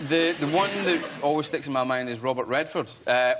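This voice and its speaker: A man's voice: medium pitch, a little fast, noisy background. A Scottish man, a guest actor, chatting casually on a talk show, self-deprecating and laughing as he tells stories. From Scotland.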